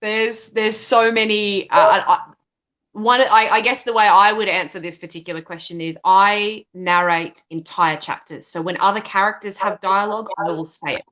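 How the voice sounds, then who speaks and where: A woman speaks in a mid-range, steady, slightly bright voice at a moderate pace. At a live Q&A, this assistant director and narrator gives thoughtful answers and often begins her sentences again, with the recording sounding dull and lo-fi.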